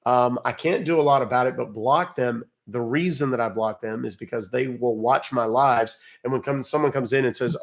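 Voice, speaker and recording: Man, gravelly voice, mid pitch, chatty livestream host, wisecracking, casual swearing. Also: normal speed, few pauses, a bit bright. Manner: chatty and wisecracking, swears offhandedly, calls viewers kids. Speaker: livestream host calling scammers.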